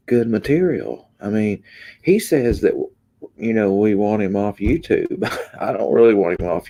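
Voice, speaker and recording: A man chats easily with viewers on a livestream, in a deep, dark voice. He drawls and pauses often, taking comments at an unhurried pace. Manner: laid-back, drawling, trailing off with ums. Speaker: livestream host. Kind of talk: casual livestream chat reading comments.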